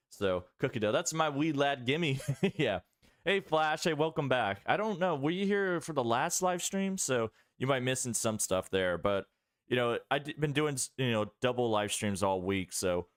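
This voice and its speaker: Guy streaming a game, rambly and chatty, pitch bounces around, dry close sound. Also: no room sound. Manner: rambling and chatty, many fillers. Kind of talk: casual live-stream commentary.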